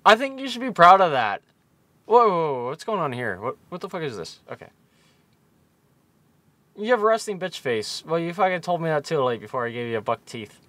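A man's voice: on the high side, sing-song, normal speed, a bit bright. A man in his twenties chatting casually on a live stream, tipsy from shots, rambling and swearing constantly. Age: 20s.

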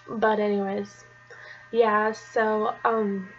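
A woman's voice: mid-range voice, dull audio. A young woman telling a personal story to camera in a rambling, chatty way, now and then dropping to a whisper. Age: young adult. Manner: rambling, chatty, drops to a whisper at painful parts. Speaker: vlogger.

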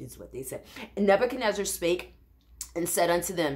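Lower-pitched woman teaching a Bible study. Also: expressive, brisk. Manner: conversational, with frequent restarts and asides.

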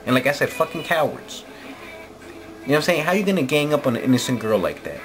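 A man's voice: on the high side, animated, fast talker. Angry, profane man ranting over music. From New Jersey. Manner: angry, profane, repeats "you know what I'm saying". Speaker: vlogger. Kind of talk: late-night opinion rant.

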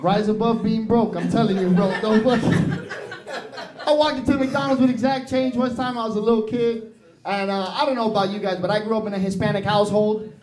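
A young man does brash, profane stand-up on a small improv theatre stage, switching into Spanish at times. He speaks briskly in a high-sitting voice, with music in the background of a roomy live club recording that includes the crowd.

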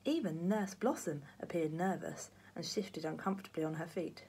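A woman, a primary teacher, reading a children's book aloud with lively, expressive storytelling. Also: lowish voice, moderate pace, slight background noise.

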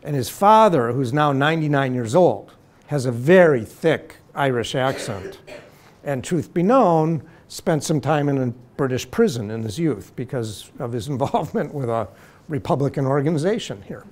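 A man giving a university law lecture in a deliberate, measured way, slowing to stress key terms. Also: medium pitch, animated.

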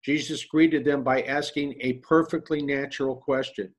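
A male pastor giving a sermon in a measured, earnest preaching manner. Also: medium pitch, steady tone.

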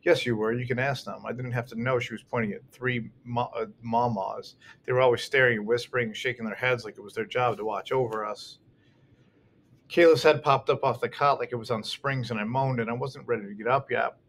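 A man's voice: mid-range voice, brisk. Man narrating a first-person audiobook. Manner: expressive storytelling with occasional restarts. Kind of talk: first-person novel reading.

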